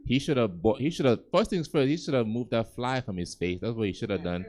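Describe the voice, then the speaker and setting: A man's voice: mid-range voice, brisk, a little mellow. A young man from Gambia doing a laid-back, conversational stand-up set on a comedy club stage, chuckling at his own jokes into a handheld mic.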